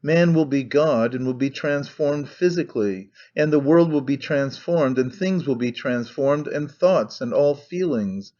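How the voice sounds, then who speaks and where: A man voicing an intense, brooding young man obsessed with one idea, earnest and halting as he speaks. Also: medium pitch, darkish tone, lo-fi sound, natural voice. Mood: fervent. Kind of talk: audiobook character reading.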